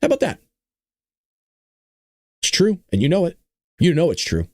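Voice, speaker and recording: A man's voice: fairly high pitch, huge pitch swings, moderate pace, very noisy. A man hosting a political commentary show, reading news aloud and reacting bluntly and indignantly while talking straight to his viewers. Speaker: show host.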